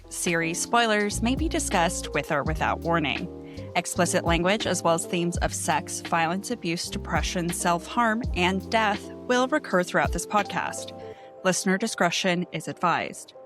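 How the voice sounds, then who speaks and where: A woman's voice: on the low side, normal speed, over music. A woman co-hosting a book podcast in casual chat, easygoing and laughing often. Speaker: podcast co-host.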